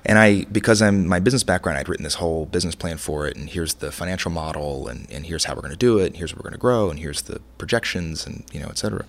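A man's voice: low-pitched, quick pace, hardly any pauses. A middle-aged man, a chef and restaurant owner, talking in a casual interview, rambling through stories with lots of restarts. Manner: rambling, many restarts, animated storytelling.

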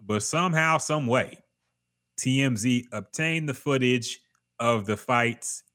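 A man's voice: medium pitch, slow, pushed and bright. A man co-hosting a casual podcast, reacting to trailers and sports news with blunt, profane commentary. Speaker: podcast co-host.

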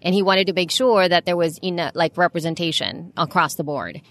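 Woman podcast co-host; slightly low voice, relaxed, rambly, lots of fillers. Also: brisk. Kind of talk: casual chat.

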